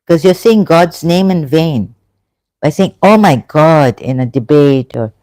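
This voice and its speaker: Host from England in a casual live chat, unhurried and hesitant, dry close sound. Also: mid-range voice, animated, dark tone, dry recording. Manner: halting, thinking aloud.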